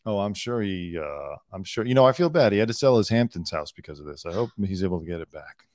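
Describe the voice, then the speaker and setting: A man's voice: low-pitched, animated, fast, a little mellow, dry recording, clean studio sound. A man co-hosting a comedy news podcast, chatting casually and acting out quotes. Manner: jokey, acts out quotes in put-on voices. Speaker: podcast co-host.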